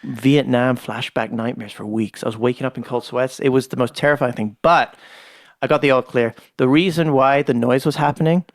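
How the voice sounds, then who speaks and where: A man with an Irish accent, a podcast guest telling a story in casual talk, animated and swearing freely. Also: mid-range voice, moderate pace. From Ireland. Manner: animated, swears freely, acts out voices in his stories.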